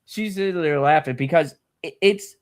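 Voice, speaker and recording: A woman's voice: low voice, moderate pace, darkish tone. A woman hosting a commentary channel, delivering a furious, profane rant, stammering when heated and mocking her critics. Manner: furious, sweary, mocking sing-song impressions of critics.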